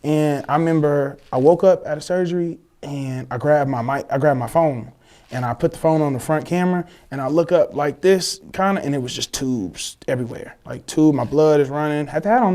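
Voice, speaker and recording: A young man, telling a personal story in casual, slangy, animated chat, acting out the voices of others. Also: a little high. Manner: animated, swears freely, slangy, acts out quoted voices. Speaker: guest telling his story.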